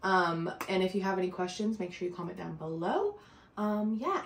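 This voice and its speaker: A woman's voice: fairly low pitch, animated, moderate pace, a little hiss or hum. A woman in her thirties giving a casual, chatty tour of her room, swearing freely and saying um a lot. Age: 30s. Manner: chatty and offhand, swearing, many ums.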